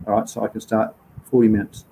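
A man's voice: fairly low pitch, flat delivery, fast talker, gravelly, mellow, husky, poor audio. A man with an Australian accent hosting a casual livestream, reading out viewer comments and answering questions in an informal, chatty way. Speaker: livestream host.

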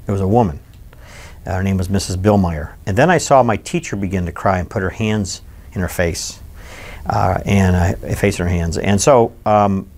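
A lower-voiced man in his sixties from Michigan tells his childhood memories in an oral history interview. His storytelling is animated, and his pitch climbs when he stresses a point. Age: 60s.

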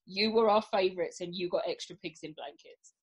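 A woman's voice: fairly low pitch, fairly quick, breathy edge, poor audio. A woman on a casual podcast, ranting with lots of swearing and laughter about working in pub kitchens. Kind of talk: casual chat.

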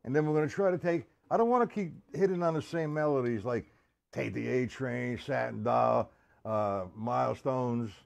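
A man's voice: medium pitch, normal speed, vocal fry. Man teaching drums on a live stream. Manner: counts out loud over drumming, chatty asides to viewers. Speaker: drum teacher. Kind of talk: live-streamed drum lesson. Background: drum kit playing.

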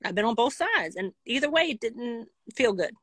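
A woman telling a casual storytime vlog in a blunt, profane and animated way. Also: a little high, moderate pace, breathy edge, no echo. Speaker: vlogger.

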